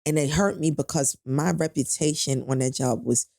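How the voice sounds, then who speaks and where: A woman's voice: low-pitched, normal speed, gravelly, dark tone, no echo. A middle-aged woman guest on a podcast, retelling a painful personal story in a blunt, profane, emphatic way.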